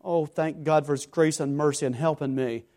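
A man preaching a sermon, moving between loud exhortation and hushed earnest tones, acting out imagined questioners and their replies. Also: on the high side, steady tone, normal speed.

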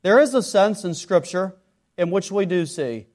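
A man preaching a sermon, moving between loud exhortation and hushed earnest tones, acting out imagined questioners and their replies. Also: high-pitched, lively intonation, moderate pace.

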